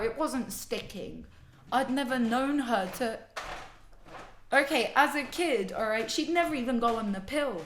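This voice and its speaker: Animated swearing woman in an echoey room. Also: a little high, measured pace, slight background noise. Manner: swearing, animated, emphatic storytelling. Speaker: interviewed friend. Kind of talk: casual interview.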